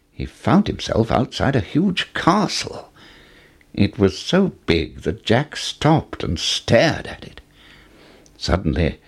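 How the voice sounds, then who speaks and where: A man reads a fairy tale aloud at a slow, unhurried pace. His pitch rises and falls widely, giving the story a sing-song lilt. His voice is low and husky, with some breathiness.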